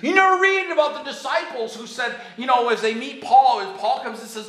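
A man preaching a sermon as pastor, moving between quiet earnest stretches and high, emphatic rises. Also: normal speed. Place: church sanctuary. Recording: echoey church hall.

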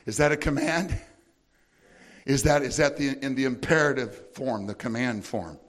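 A man preaching a sermon, swinging between shouted sing-song praise and slow, deliberate scripture reading. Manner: builds to shouted, sing-song praise then drops to a low teaching tone; reads scripture slowly and deliberately. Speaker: pastor.

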